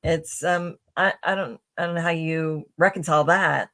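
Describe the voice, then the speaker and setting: A woman's voice: sits low, fairly even intonation, normal speed, fairly bright tone. A middle-aged woman, a podcast guest, telling personal stories in a chatty way with many fillers, restarts and a tag "right?". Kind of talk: casual interview storytelling.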